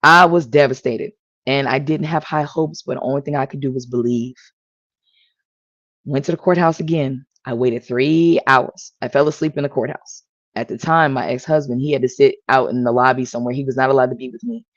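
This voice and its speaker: A woman with a very deep voice and steady tone shares her own story as a panel guest, earnest and emotional, at a moderate pace. This personal testimony is captured in a dry recording with dull lo-fi audio.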